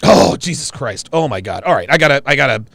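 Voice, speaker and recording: A man hosting a casual live-stream chat, reacting excitedly with loud exclamations. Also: medium pitch, brisk, gravelly, a little hiss or hum.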